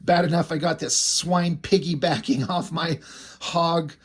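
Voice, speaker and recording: A man's voice: fairly high pitch, steady tone, measured pace. A man reading aloud the curt, irritable lines of a foul-mouthed giant mutant hero. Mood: irritated. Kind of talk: reading comic dialogue aloud.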